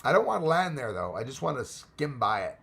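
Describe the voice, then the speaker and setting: A man's voice: mid-range voice, sing-song, a little fast, creaky, fairly bright tone, husky. A Canadian man, hosting a casual livestream, greeting viewers by name and joking as he rambles. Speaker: livestream host reading chat. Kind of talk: casual live chat.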